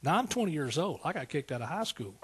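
A man's voice: fairly high pitch, big pitch swings, fast talker, a bit bright, breathy edge. A man, a pastor preaching a sermon in a folksy, storytelling way that rises to emphatic praise. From East Texas.

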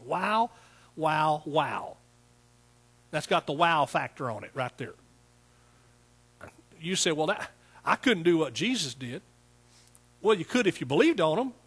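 Husky-voiced man preaching a sermon. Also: a little high, animated, normal speed, long pauses, a bit bright. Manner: conversational preaching, repeats words, asks the congregation questions. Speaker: pastor.

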